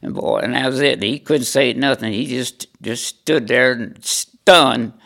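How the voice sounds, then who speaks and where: Older man in his nineties from Indiana with a gravelly edge to his voice, at an ordinary pitch for a man, tells frank, salty stories in an interview. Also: unhurried, a bit bright. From Indiana, USA. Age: 90s. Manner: blunt, salty storytelling with repeated "I said". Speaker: veteran interviewee. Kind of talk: recounting life stories in an interview.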